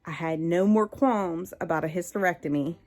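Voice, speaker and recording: A woman's voice: lowish voice, moderate pace, darkish tone. A young adult woman vlogging, telling a personal story in a candid, conversational way with many fillers and restarts.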